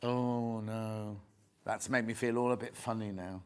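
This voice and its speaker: A man's voice: fairly low pitch, steady tone, unhurried, clear, resonant tone. An English man presenting a live shopping show, chatting jokily, reading out viewer messages and showing fabrics. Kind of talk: live home shopping chat. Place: TV studio.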